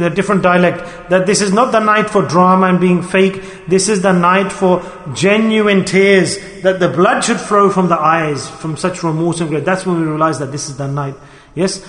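High-voiced male preacher in echoey hall. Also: fairly bright tone. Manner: emphatic, repeats key words, rhetorical questions. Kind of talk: sermon. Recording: echoey hall with long reverb.

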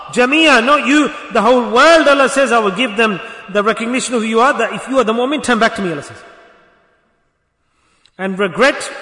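Man preaching a sermon, really high bright voice, big echo. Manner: exhorting, rhetorical questions to the congregation. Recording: echoey hall.

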